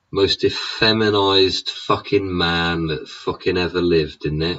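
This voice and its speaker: On a dull lo-fi recording, a low-voiced male show host rants with constant swearing and rhetorical tags such as "innit" and "yeah." His intonation stays fairly even, his delivery is a little slow with hardly any pauses, and his tone is a bit bright.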